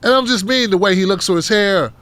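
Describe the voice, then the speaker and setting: A man's voice: high voice, brisk, a bit bright, no room sound. A man from Tennessee with a Southern accent, hosting a political talk show in a blunt, profane, mocking style. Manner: fired up, rants with rhetorical questions. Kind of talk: casual livestream commentary.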